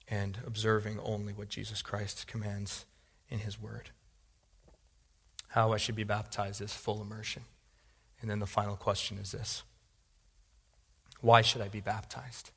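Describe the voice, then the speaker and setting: A male pastor preaching a sermon, repeating phrases and building from calm teaching to loud, pleading appeals. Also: fairly low pitch, long reverb tail.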